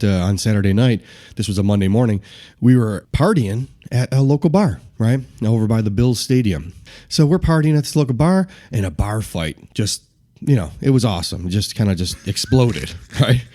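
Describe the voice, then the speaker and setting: A man in his forties from the Buffalo area, telling a rough-and-ready story on a podcast, laughing often. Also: lowish voice, darkish tone. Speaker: podcast co-host. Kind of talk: casual storytelling.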